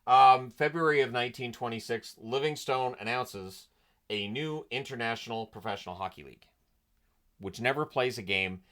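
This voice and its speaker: A man's voice: lowish voice, fairly bright tone. A man hosting a casual history vlog, telling the story in a sarcastic, amused way with lots of filler words. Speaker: hockey history channel host.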